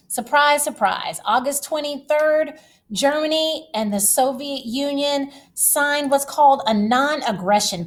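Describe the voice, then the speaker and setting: Lively woman teaching history. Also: fairly high pitch. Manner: lively, dramatic, addresses students directly. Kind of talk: recorded history lecture.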